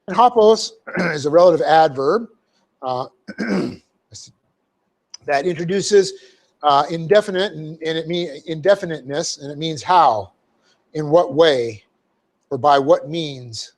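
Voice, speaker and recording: A man's voice: on the high side, unhurried, long pauses. A man preaching in a church, teaching a Bible verse methodically, spelling out Greek words letter by letter and often checking in with "okay?". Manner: frequent fillers and "okay?" check-ins. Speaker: pastor. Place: church sanctuary.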